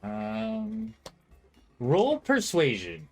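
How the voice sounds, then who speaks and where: A man running a tabletop game as game master, with a lively, wide-ranging voice. He talks haltingly, with plenty of fillers and laughs. Faint music plays underneath. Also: sits high, gravelly.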